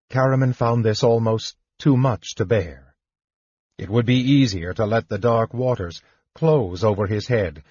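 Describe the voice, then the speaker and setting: A man with a husky voice narrating a fantasy audiobook in a measured, even manner. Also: fairly low pitch, no echo, muffled recording.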